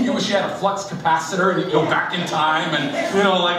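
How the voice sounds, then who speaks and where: A man with a high, light voice delivers a sermon, playing out both sides of an argument with his wife. He sounds distant from the mic, and his words ring through a very echoey hall with a noisy background. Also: moderate pace. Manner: animated storytelling, acting out both sides of a marital argument. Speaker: pastor.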